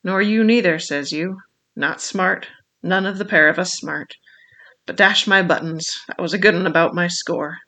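A man's voice: high voice, normal speed, bright, forceful tone. A man reading aloud and voicing a jovial, crafty old male sea cook with salty seafaring talk. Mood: hearty.

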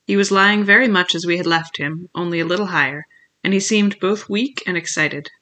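A narrator reading a novel chapter aloud in a steady, measured storytelling manner. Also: mid-range voice. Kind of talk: scripted audiobook narration.

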